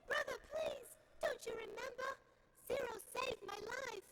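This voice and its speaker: A woman's voice: very high voice, a little slow, a bit bright. An actress playing a young woman in a game who begs to protect her brother, with an odd, halfway British-sounding delivery. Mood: pleading. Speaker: game character. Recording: noisy game audio from a stream.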